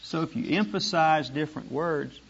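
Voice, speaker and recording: A man teaching a group how to study scripture, animated and repeating words for emphasis. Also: on the high side, normal speed, gravelly, breathy edge. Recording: dull lo-fi room recording.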